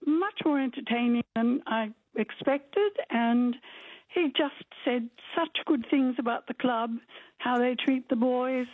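Female caller, high husky voice, tinny phone line, chatty. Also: a little slow, no echo. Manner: friendly, chatty, rambling. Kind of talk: phoning in to a radio chat.

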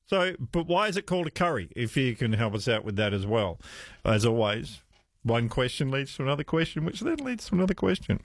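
A man's voice: mid-range voice, very animated, a little fast, no echo, studio quality. A man hosting talkback radio, chatting casually and musing aloud with listeners. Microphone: studio microphone.

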